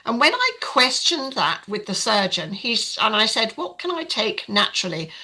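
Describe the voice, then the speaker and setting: A woman's voice: on the high side, big pitch swings, normal speed, bright, forceful tone, rough recording. An older woman telling her personal story as a podcast guest, in a frank, chatty way with many fillers. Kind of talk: casual storytelling.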